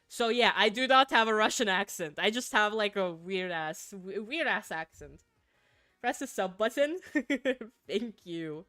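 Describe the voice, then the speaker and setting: A woman's voice: mid-range voice, expressive, unhurried, a bit bright, no echo. Giggly young woman with a mixed accent. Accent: mixed, not a typical Finnish one. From Finland. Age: young adult. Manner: giggly, rambling, with frequent laughs and restarts. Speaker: streamer. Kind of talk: casual chat while gaming, reading chat aloud.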